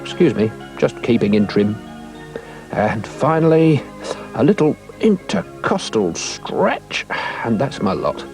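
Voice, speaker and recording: Guy doing a vain old fella, puffing and pompous, lively up-and-down voice, storybook. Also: medium pitch, slow pace, soft background music. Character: fussy, vain older man fond of exercise.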